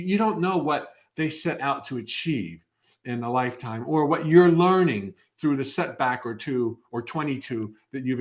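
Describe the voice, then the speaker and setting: A man in his fifties hosting a live motivational workshop, upbeat and enthusiastic, often restarting his phrases. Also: fairly high pitch. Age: 50s.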